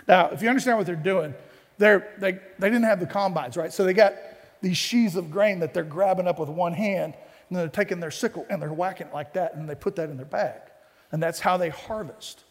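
A male pastor preaches in a conversational, playful storytelling style with asides. His voice sits fairly high. A long reverb from the church sanctuary hangs after his words. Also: a little fast. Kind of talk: sermon.

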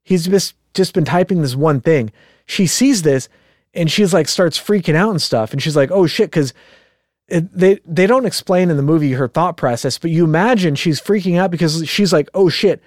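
A man co-hosting a casual podcast chat, telling a story in an animated way, swearing freely and acting out quotes. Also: fairly high pitch, normal speed, no echo, studio quality. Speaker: podcast co-host.

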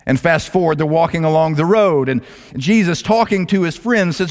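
Animated preacher man with big pitch swings. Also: normal speed. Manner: dramatic storyteller, swings between loud and hushed. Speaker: pastor. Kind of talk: sermon. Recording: long hall reverb.

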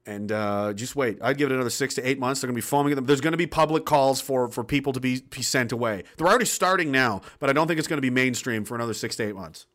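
A man's voice: medium pitch, quick pace, few pauses, fairly bright tone. A man hosting a show, reading out chat and ranting with sarcasm, often stopping and restarting. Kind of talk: ranting livestream commentary.

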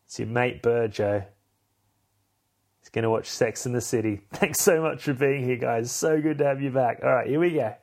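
A man's voice: medium pitch, moderate pace, creaky, darkish tone. A young man, hosting a podcast and recapping a film in a rambling, self-mocking way. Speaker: podcast host. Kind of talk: casual chat recapping a film.

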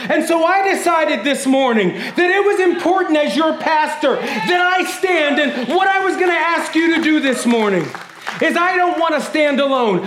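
Male pastor, very high voice, heartfelt sermon in an echoey sanctuary. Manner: emotional, moves from grief-hushed to shouting praise; addresses congregation as family. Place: church sanctuary.

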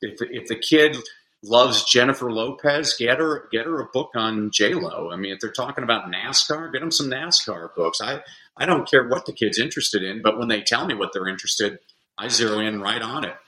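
Bright-voiced man telling animated stories. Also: mid-range voice, moderate pace, poor audio. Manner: animated storyteller acting out kids' voices. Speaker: guest educator. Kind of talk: casual podcast chat.

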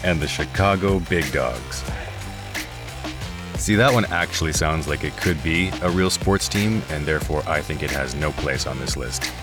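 A man's voice: a bass voice, moderate pace, over music. A man reading a list aloud, amused and often breaking into laughter. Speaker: guest reader.

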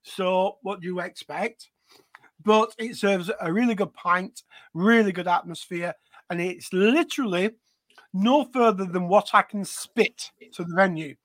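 A man co-hosts a live podcast in a hearty, enthusiastic style, full of pub-talk banter. His voice sits high for a man and sounds very dry and close, with no room sound. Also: unhurried, fairly bright tone, no room sound. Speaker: podcast co-host. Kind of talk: casual live podcast chat.

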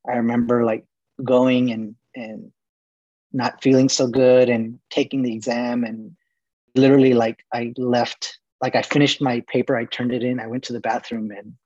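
Husky-voiced man telling rambling stories. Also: medium pitch, dry recording, highs cut off. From Laredo, Texas. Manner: relaxed, rambling, lots of fillers. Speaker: interview guest. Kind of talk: casual storytelling interview.

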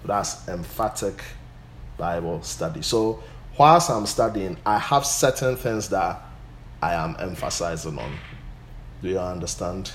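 A pastor teaching a Bible study, often stopping to say "Amen". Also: male voice, low voice, animated, unhurried, roomy sound, a little hiss or hum. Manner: punctuates points with "Amen".

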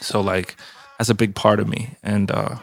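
A man's voice: fairly low pitch, level tone, normal speed, vocal fry, faint music behind. A man hosting a casual podcast chat, telling stories in a laid-back, jokey way. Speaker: podcast host.

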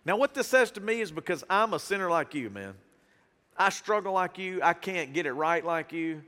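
A man preaching a sermon as pastor, animated and casual, acting out Bible characters with slangy asides. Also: high voice, moderate pace, in a large hall. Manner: casual slang, southern-tinged phrasing.

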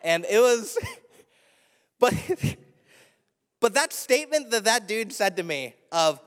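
A young man preaching a sermon in a chatty, animated storytelling manner, often laughing as he speaks. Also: sits high, unhurried, long pauses, long reverb tail. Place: church sanctuary.

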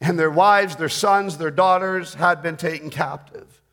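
A man's voice: fairly high pitch, measured pace. A middle-aged man preaching a sermon, reading scripture and retelling it expressively, joking with his listeners. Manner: expressive, rising and falling in volume, jokes with the audience.

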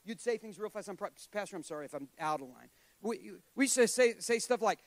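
A man's voice: high voice, lively intonation, quick pace, dry recording. A middle-aged man preaching a sermon to a congregation, conversational and joking, with self-deprecating asides. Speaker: guest preacher.

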